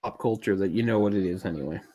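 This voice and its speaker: A man's voice: on the low side, quick pace, warm tone. Rambling man, under the weather. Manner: rambling, chatty, lots of asides and fillers. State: unwell, keeps swallowing. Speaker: streamer doing live film commentary. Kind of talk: casual live commentary.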